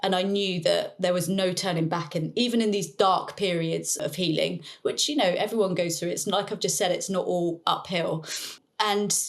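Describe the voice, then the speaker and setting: A woman guest with a somewhat low voice, talking through her personal story in an earnest, reflective way. She laughs softly now and then while she speaks. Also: fairly even intonation, moderate pace, creaky. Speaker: interview guest, neuroplasticity coach. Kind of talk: personal story in a podcast interview.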